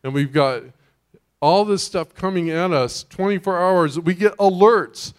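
Chatty pastor with a higher voice. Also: male voice, a little slow, smooth. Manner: conversational, quizzes the congregation and uses frequent restarts. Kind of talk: sermon.

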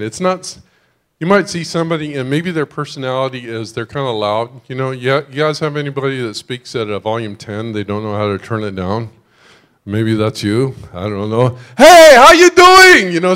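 A man preaching a sermon in a conversational way, often checking in with the congregation with "right?". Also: medium pitch. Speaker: pastor.

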